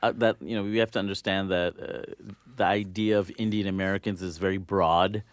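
A man's voice: deep voice, steady tone, fairly quick, clear, resonant tone, no echo, clean studio sound. A man being interviewed as a filmmaker, earnest and thinking aloud with many fillers. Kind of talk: casual interview.

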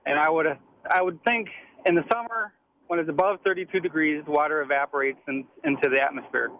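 A man's voice: a little high, brisk, fairly bright tone, a little hiss or hum. A man calling in to a radio show with a hesitant, earnest question over a dull phone-in line. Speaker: caller.

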